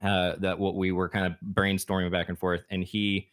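A man's voice: sits low, little pitch movement, moderate pace, fairly bright tone. A man co-hosting a podcast, telling a personal story in a rambling, casual way and acting out the dialogue. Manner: rambling, acts out quoted dialogue. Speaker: podcast co-host.

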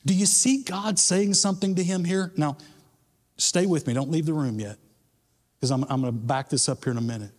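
A man's voice: fairly high pitch, a little fast, in a large hall. A man preaching a sermon as a pastor, in a casual, conversational way with bits of slang. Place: church sanctuary.

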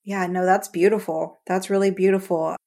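A woman hosting an interview, reacting to her guest with enthusiastic, warm comments and questions. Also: lowish voice, steady tone, moderate pace, gravelly. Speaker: podcast host. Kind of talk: casual interview chat.

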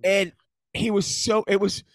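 A middle-aged man with a high, light voice tells a long story in casual conversation. He laughs often and slips into lively quoted voices. The sound is close and dry. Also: unhurried, dry recording. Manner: animated, laughing, acts out quotes. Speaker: comedian.

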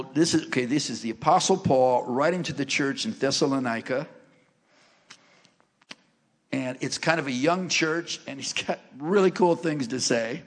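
A man preaching a sermon and sharing his testimony in a church, joking as he tells stories and rising to loud, emphatic lines. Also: mid-range voice, normal speed. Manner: animated, joking storyteller who rises to loud emphasis. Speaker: guest preacher. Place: church sanctuary. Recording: long reverb of a large church hall.

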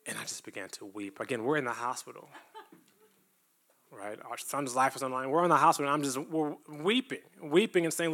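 A man's voice: a little high, fairly even intonation, fast talker, fairly bright tone. A man giving a testimony-style sermon to a church, talking earnestly and conversationally and at times building up to emphatic preaching. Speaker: church speaker.

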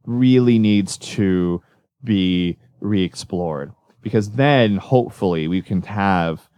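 A male magician talking casually in an interview, rambling and correcting himself as he tells animated stories. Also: sits low, slow pace, dry recording, studio quality. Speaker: magician guest.

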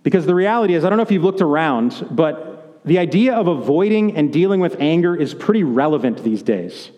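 A man's voice: on the high side, very animated, a little fast, warm tone, lo-fi sound. A man preaching a sermon as pastor, conversational and joking, in a church sanctuary. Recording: echoey hall.

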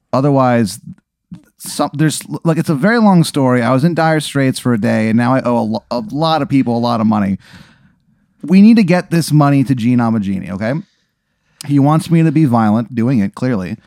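A man playing an improvised comedy scene, excitable and swearing a lot. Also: medium pitch, no echo, clean studio sound. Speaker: player. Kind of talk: improvised comedy role-play.

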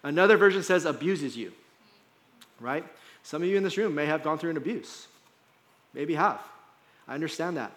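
A man's voice: a little high, animated, normal speed, long pauses, a bit bright. A male pastor giving a sermon in a conversational style, often checking in with "right?" and "like". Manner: conversational preaching with frequent "right?" and "like". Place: church hall.

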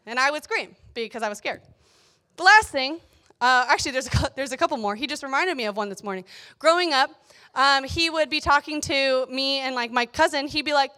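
A young woman giving a casual devotional talk, chatty and animated, telling stories with playful asides. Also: high-pitched, fast. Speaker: youth speaker.

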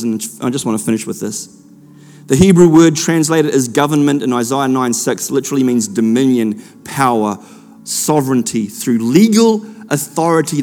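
A man's voice: on the high side, a little fast, darkish tone. A man in his forties preaching a Christmas sermon, moving from personal storytelling to impassioned preaching. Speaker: pastor. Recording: long hall reverb with faint music.

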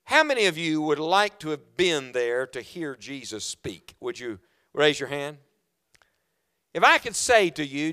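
A man preaching to his congregation with a smooth, resonant voice set a little high. He swings between hushed, slow reading and loud, urgent exhortation, often stopping to put questions to the church. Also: very animated. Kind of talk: sermon. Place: church auditorium.

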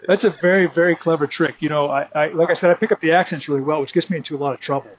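A man's voice: fairly high pitch, steady tone, very fast, a little hiss or hum, poor audio. Hesitant male interview guest. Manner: hesitant, many restarts, friendly. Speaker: guest, riding and martial arts instructor. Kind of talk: conversational interview.

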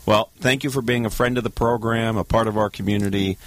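A man hosting a business radio talk show in a studio, brisk and teasing, often jumping in with questions. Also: on the low side, fairly even intonation, no echo. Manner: brisk, teasing, quick to interject.

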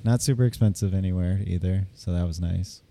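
A man's voice: low-pitched, a little fast, creaky, dark tone, dry recording. A man co-hosting a podcast, rambling through stories and laughing often. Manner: giggly, rambling storyteller. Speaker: podcast co-host. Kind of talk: casual chat.

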